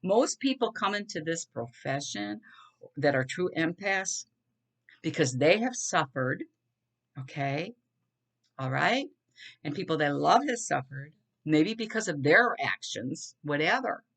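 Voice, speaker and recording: A woman's voice: sits low, expressive, a little slow, gravelly, fairly bright tone. A middle-aged woman, talking earnestly and rambling a bit in a casual solo monologue to her viewers. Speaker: vlogger.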